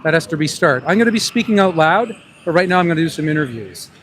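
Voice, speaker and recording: A man's voice: on the high side, expressive, quick pace, a bit bright, a little hiss or hum. A man interviewing passersby on a city street for his vlog, calling out the same question again and again. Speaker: street interviewer and animal rights activist. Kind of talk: street vox-pop vlog. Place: outdoors on a busy city street by a park.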